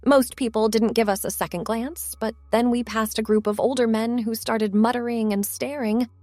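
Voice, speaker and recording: A woman telling a first-person story in a soft, intimate narrating manner. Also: fairly high pitch, fairly even intonation, moderate pace, no echo.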